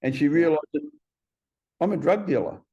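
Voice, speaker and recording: A man in his fifties, a podcast guest telling stories in a blunt, profane, animated way. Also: fairly high pitch, moderate pace, lo-fi sound. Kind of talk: casual interview storytelling.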